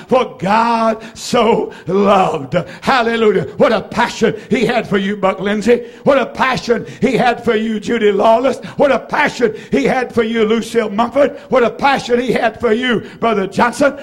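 A man preaching a sermon, with rhythmic repetition, swinging between shouted phrases and hushed ones. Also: extremely high pitch.

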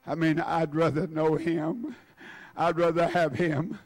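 A man's voice: fairly high pitch, fairly even intonation, unhurried. A man preaching a sermon, fervent and repetitive, calling on his congregation by name. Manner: fervent preaching, repeating words for emphasis. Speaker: pastor.

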